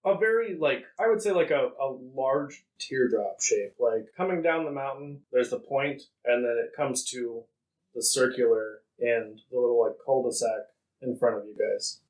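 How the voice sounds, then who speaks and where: Male game master, mid-pitched, casual, laughs easily, lots of fillers. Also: normal speed, darkish tone, rough recording. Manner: casual, laughing often, thinks aloud with fillers. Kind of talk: narrating a tabletop game.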